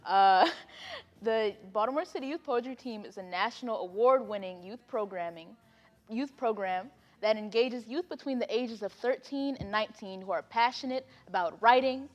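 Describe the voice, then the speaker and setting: A woman's voice: a little high, normal speed, long reverb tail. A woman hosting an online poetry event in a chatty, casual way, with laughing asides and fillers. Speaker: host. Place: home, on a video call.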